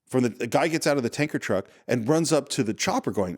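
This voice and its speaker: Male film podcast co-host, average pitch, detailed scene-recapper, chatty. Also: animated, fast talker, darkish tone. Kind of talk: casual film discussion. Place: living room.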